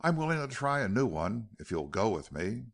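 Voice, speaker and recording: Bitter outlaw boss, low and hard, voiced by a male reader; deep, gravelly. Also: very animated, normal speed, heavily acted.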